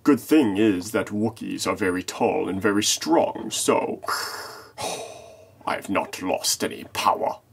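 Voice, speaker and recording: A man voicing a solemn dark lord stuck in a tall furry creature's body, speaking slowly with heavy, breathy sighs. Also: on the low side, animated, exaggerated voice.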